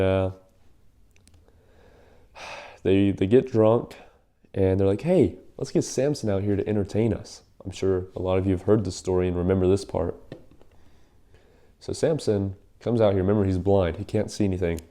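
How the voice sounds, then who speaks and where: A man's voice: low voice, little pitch movement, moderate pace, pauses often, dark tone. A young man casually retelling a Bible story in a rambling, slangy way, with lots of fillers.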